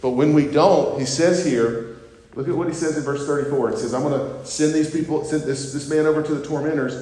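A man's voice: a little high, brisk, warm tone. A man preaching a sermon as pastor, earnest and emphatic, often restarting his words. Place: church sanctuary. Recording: echoey church hall.

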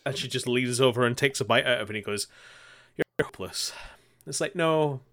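A man with a bright, forceful voice at a middling pitch chats through scenes of a show, rambling and swearing as he goes. He acts out quoted lines in passing as a podcast co-host. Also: steady tone, rapid-fire. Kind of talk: casual chat recapping an anime.

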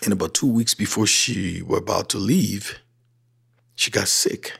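Over faint music, a middle-aged Liberian man with a Liberian accent tells his life story, animatedly acting out the dialogue he quotes. His voice sits on the low side, slightly rough with vocal fry, and he keeps a measured pace.

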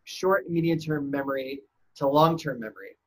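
A woman co-hosting a podcast, chatting in a relaxed, wry way. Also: low-pitched, breathy edge, low-quality recording. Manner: relaxed, wry, quick to laugh. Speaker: podcast co-host. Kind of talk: casual chat. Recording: loud background noise.

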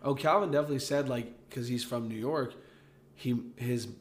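A man's voice: mid-range voice, normal speed. A young man from the American South with a Southern accent, chatting casually and telling stories with lots of "like" fillers. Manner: relaxed storytelling with frequent "like" fillers. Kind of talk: casual chat.

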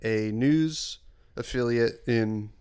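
A man's voice: mid-range voice, slow pace, a little mellow, clean tone. A man co-hosting a podcast in casual chat, rambling with many fillers and hesitations. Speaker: podcast co-host.

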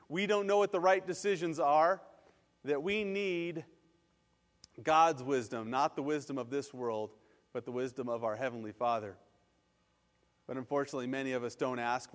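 A man preaching a sermon, earnest and conversational, acting out prayers and everyday reactions. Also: a little high. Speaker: pastor. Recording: long hall reverb.

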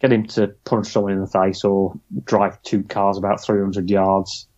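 A man's voice: sits low, little pitch movement, moderate pace, a little mellow. A man co-hosting a casual news chat, wry and chatty. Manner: chatty, wry, drifts into mock quotes. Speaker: podcast co-host. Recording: dull lo-fi sound.

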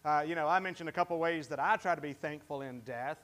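A pastor in church delivers an interactive sermon in a fairly high, slightly bright voice. He speaks conversationally but haltingly, often restarting his sentences and putting questions to the congregation.

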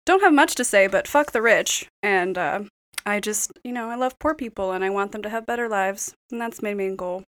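A young woman introducing her tabletop character in a dry, deadpan way. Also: medium pitch, a little fast. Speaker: player. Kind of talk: casual tabletop game chat.

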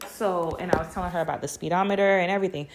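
A young woman telling a story to her listeners on a podcast. Her voice is a little low, and she talks in a loose, slangy way. She swears freely and breaks into laughter often. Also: steady tone, rapid-fire, noisy background. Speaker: podcast host. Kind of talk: casual storytelling.

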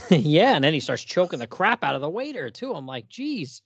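A man co-hosting a casual comic book podcast, relaxed and full of fillers, often laughing. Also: on the high side, a little fast, vocal fry, slightly rough, no echo. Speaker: podcast co-host.

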